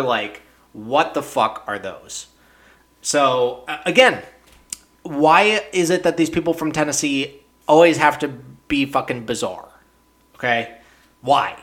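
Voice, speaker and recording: Young male podcast host, middle pitch, casual and profane, prone to incredulous high-pitched rants. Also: fairly bright tone. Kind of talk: casual recap chat.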